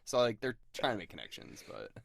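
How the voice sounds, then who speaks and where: A young man co-hosting a podcast in casual chat, animated and full of fillers, jumping into high mock voices when quoting. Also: a little fast, vocal fry, no echo. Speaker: podcast co-host.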